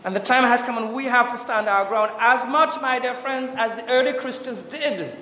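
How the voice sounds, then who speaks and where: A man preaching a Catholic sermon with passion, asking rhetorical questions and swinging between loud urgency and hushed tones. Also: very high-pitched, normal speed, a little hiss or hum. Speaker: Catholic priest. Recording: echoey church with long reverb.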